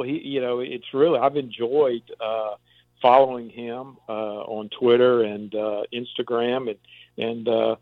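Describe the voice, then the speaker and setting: A man, a sports information director, talking on a radio show by phone in a halting way full of fillers. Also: medium pitch, no room sound. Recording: tinny phone line.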